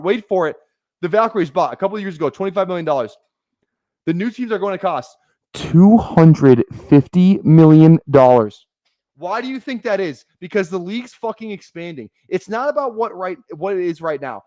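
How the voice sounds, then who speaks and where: Streamer guy going off at chat, swears a ton, pitch all over the place, dry close sound. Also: dry recording. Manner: heated, profane, repeats himself. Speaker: fantasy football streamer. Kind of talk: ranting live stream commentary.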